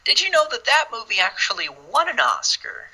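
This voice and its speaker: A man's voice: very high voice, huge pitch swings, a little fast, pushed and bright, husky, low-quality recording. A man co-hosting a podcast, chatting casually about movies with a sarcastic, joking manner. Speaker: podcast co-host.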